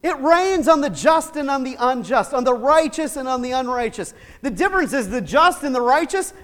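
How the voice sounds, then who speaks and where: Animated high-voiced male preacher. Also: normal speed. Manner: animated, shifts from shouting to hushed asides with laughs. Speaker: pastor. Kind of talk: sermon. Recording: long hall reverb.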